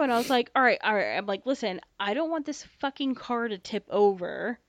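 A young woman co-hosting a podcast, telling a story in casual chat, animated, swearing freely and acting out dialogue. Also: a little high, brisk, no room sound. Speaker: podcast co-host. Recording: slightly dull dry podcast mic.

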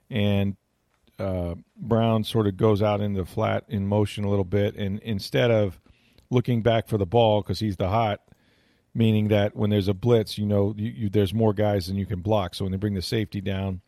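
Rambling low-voiced football analyst man. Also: warm tone, dry recording, studio quality. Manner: rambling, many fillers and restarts. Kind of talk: casual radio chat.

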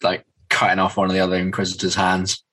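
A man's voice: sits low, completely flat delivery, fast, sharp tone, rough recording. A man co-hosting a casual podcast, chatting in a laid-back way and peppering his sentences with "like". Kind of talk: casual comic-book discussion podcast.

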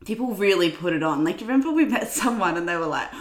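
An Australian woman co-hosting a podcast, chatting in an animated way and laughing often. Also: on the low side, very fast. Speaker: podcast co-host, magazine editor. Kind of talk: casual chat. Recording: roomy echo.

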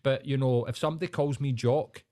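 A man's voice: mid-range voice, steady tone, a little fast, warm tone. A young Glaswegian man co-hosting a podcast, talking in emphatic, sweary banter. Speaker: podcast co-host. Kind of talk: casual chat.

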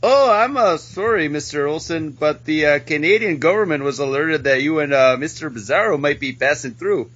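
A man's voice: fairly high pitch, normal speed, hardly any pauses, a bit bright, lo-fi sound, pitched above the performer's own voice. A man voicing an apologetic male border officer who stumbles over his words. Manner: hesitant, stammering with many fillers.

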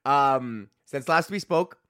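Male podcast host and comedian, rambling and profane, bright, forward voice, dry close sound. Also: medium pitch, slow, smooth, no echo. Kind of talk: casual podcast monologue.

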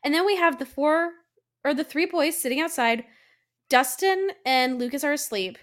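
Podcast lady, kinda high voice, emphatic, swears a lot while she recaps. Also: normal speed, fairly bright tone. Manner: emphatic, swears freely, acts out characters' lines. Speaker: podcast co-host. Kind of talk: casual chat.

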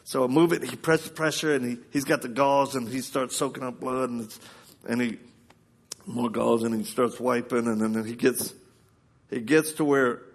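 A man preaching at a live service, telling a story with lots of laughter and acting out the voices of the people in it. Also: a little high. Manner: animated, laughing storyteller who acts out quoted voices. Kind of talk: storytelling sermon.

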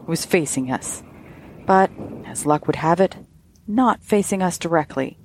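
A woman hosting a podcast, reading a ghost story aloud in a measured, softly breathy way. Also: lowish voice, lively intonation, a little hiss or hum.

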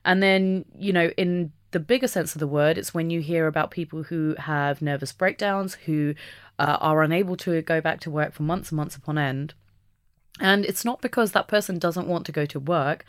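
Reflective woman, low voice, dry sound. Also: moderate pace, no echo. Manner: reflective and open, with soft laughs. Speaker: podcast guest. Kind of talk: candid conversational interview.

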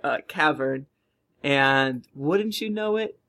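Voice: medium pitch, lively intonation, slow, a bit bright. A podcast player recapping the last session in a rambling, laughing way. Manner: rambling, laughing, full of fillers. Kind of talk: casual chat.

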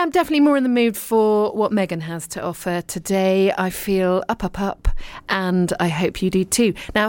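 A woman's voice: mid-range voice, smooth, no echo. A middle-aged woman presenting a chatty local radio show from the studio, bubbly and talkative. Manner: bubbly, chatty, warm asides. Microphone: studio microphone.

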